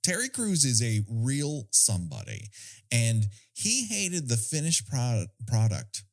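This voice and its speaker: A man's voice: medium pitch, huge pitch swings, takes it slowly. A man co-hosting a podcast, chatting casually about a film in a sardonic, profane, storytelling way. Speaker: podcast co-host.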